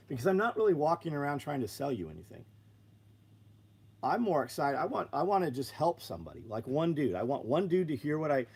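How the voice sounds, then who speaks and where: A man's voice: medium pitch, darkish tone. A man running his own business, telling blunt, profane stories on a live stream and acting out both sides of conversations. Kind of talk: blunt casual storytelling.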